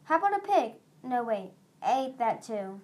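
A woman's voice: a little high, big pitch swings, moderate pace, a little mellow. A woman voicing an eager, cheerful young male dragon in a storybook reading, chatty and easygoing.

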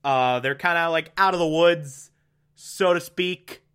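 Slow, bright-voiced chatty man. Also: on the high side, clean tone. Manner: chatty, laughs often, lots of fillers. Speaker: podcast host. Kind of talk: casual TV episode recap.

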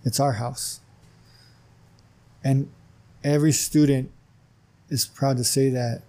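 A man's voice: mid-range voice, slow. A man, a wrestling commissioner and gym owner, telling a story as a podcast guest, acting out conversations with lots of "you know" fillers. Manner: animated storyteller who acts out dialogue, many "you know" fillers. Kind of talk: casual storytelling interview.

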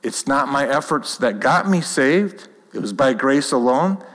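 A man delivers a sermon in an earnest, conversational way, circling back and restarting as he presses his point. His voice sits at an ordinary middle pitch. The sound carries a long reverb, as in a church hall. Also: lively intonation, measured pace, a bit bright. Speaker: pastor.

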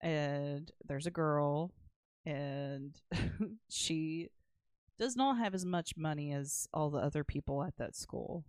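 A woman's voice: low-pitched, slow, darkish tone, dry recording, studio quality. A woman co-hosting a casual movie-news podcast, chatty and teasing, laughing mid-sentence. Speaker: podcast co-host. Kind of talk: casual chat.

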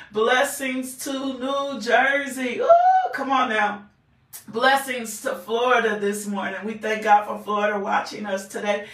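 A woman's voice: fairly high pitch, fairly bright tone, recorded from a distance. A woman hosting a live faith talk stream, greeting viewers effusively with repeated welcomes, whoops and praise. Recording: echoey room, voice from off-mic.

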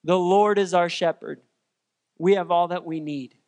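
A man's voice: sits high, fairly even intonation, measured pace, darkish tone, in a large hall. A male pastor preaching a sermon in an earnest, emphatic way, with repeated refrains.

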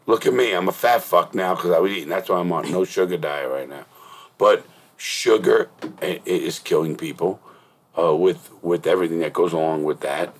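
A man's voice: deep voice, brisk, breathy edge. A middle-aged man hosting a podcast, telling blunt, profane stories in casual interview chat. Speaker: podcast host.

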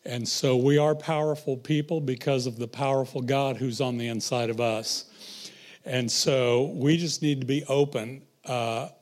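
A man's voice: mid-range voice, darkish tone. A man pastoring a congregation, quoting scripture and asking the room questions. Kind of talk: sermon.

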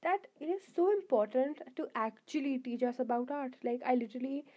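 A young woman talks straight to her viewers in a casual, rambling monologue, stopping often to restart her sentences. Her voice sits a little high. The recording sounds dull and lo-fi. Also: animated, fairly quick, a little mellow. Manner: rambling, many fillers and restarts. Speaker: vlogger.

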